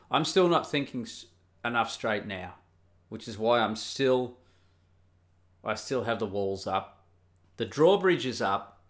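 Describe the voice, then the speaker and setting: A man's voice: fairly low pitch, a bit bright. A middle-aged Australian man hosting a podcast, talking candidly in a rambling, casual way with restarts and swearing. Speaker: podcast host. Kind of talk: casual solo podcast monologue.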